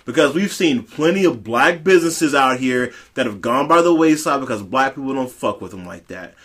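A man on a podcast delivering a profane, heated rant, swinging between low growls and high shouted bursts. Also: expressive, normal speed. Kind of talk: profane ranting commentary.

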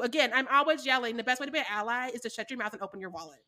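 A woman's voice: sits high, very fast, hardly any pauses, pushed and bright. A woman co-hosting a casual chat podcast, talking animatedly, laughing often and acting out quotes. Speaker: podcast co-host.

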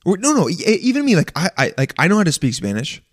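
A man delivering an animated, profane rant in a casual monologue, stammering and restarting often. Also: sits high, fast talker. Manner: profane, exasperated, animated ranting.

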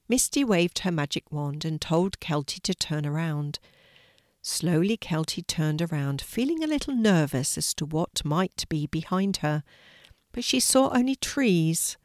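A woman's voice: deep voice, animated, measured pace, no echo, studio quality. Older woman reading a children's story.

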